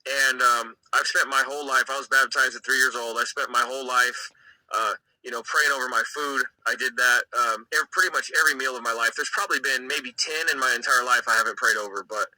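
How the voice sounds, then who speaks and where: Earnest man with a bright voice. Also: mid-range voice, steady tone, a little fast, dry recording, low-quality recording. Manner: earnest, emotional storytelling with fillers. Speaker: guest giving a testimony. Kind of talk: personal faith testimony, conversational.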